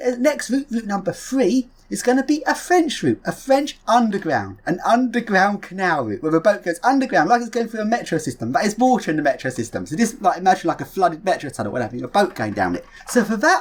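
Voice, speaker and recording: A woman's voice: lowish voice, a little mellow, breathy edge. A woman making a casual, chatty vlog appeal, rambling eagerly as she asks viewers for help. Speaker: video creator recruiting helpers.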